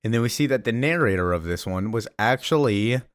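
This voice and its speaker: A man's voice: lowish voice, expressive, fairly quick, no room sound, studio quality. A man casually recapping a comic story, rambling with many fillers.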